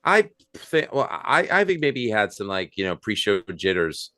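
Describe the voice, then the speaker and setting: A man's voice: fairly low pitch, sing-song, moderate pace, bright, forceful tone, dry recording, clean studio sound. A man talking casually on a review panel, hesitant and restarting his sentences. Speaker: co-host, guitar player.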